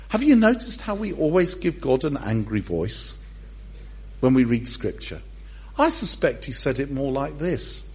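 A man's voice: medium pitch, measured pace, slightly rough. A middle-aged man preaching a humorous sermon in a church, telling stories with self-mocking jokes. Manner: animated, self-mocking storyteller. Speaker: pastor.

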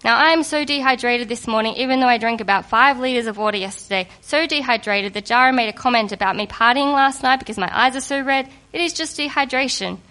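A woman giving a sermon to a congregation in a lively, conversational and humorous way, just getting over a cold. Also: a little high, fast talker, hardly any pauses. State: recovering from a cold. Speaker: preacher.

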